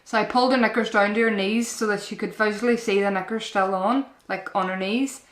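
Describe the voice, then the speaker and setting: Chatty mum in an echoey room. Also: female voice, mid-range voice, steady tone, fairly quick. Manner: chatty and earnest, addresses viewers as "guys", repeats herself. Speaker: mum vlogger giving parenting advice. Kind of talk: casual advice vlog to camera. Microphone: camera-mounted shotgun mic.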